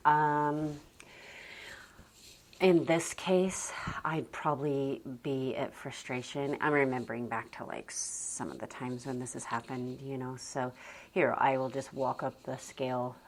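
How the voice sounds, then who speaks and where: Woman, homeschool mom vlogging, very deep voice, calm and soft-spoken, sighs between thoughts. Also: normal speed, slight background noise. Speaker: homeschooling mother and parenting vlogger. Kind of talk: casual reflective talk to camera.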